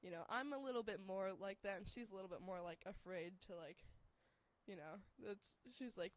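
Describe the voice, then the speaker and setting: A young woman telling a story in casual chat, rambling with many fillers and turning shrill and laughing when excited. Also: fast, no room sound.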